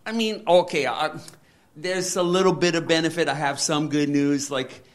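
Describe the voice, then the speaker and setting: A man's voice: fairly high pitch, moderate pace. A man in a candid conversation, rambling with many fillers and restarts and acting out quoted dialogue. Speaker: interviewee.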